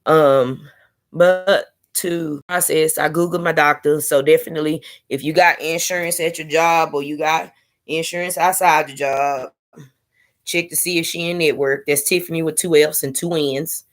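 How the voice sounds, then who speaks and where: A woman's voice: sits low, steady tone, moderate pace. A young woman in casual live-stream chat, candidly talking to her viewers with sassy asides. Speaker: vlogger sharing her IVF journey.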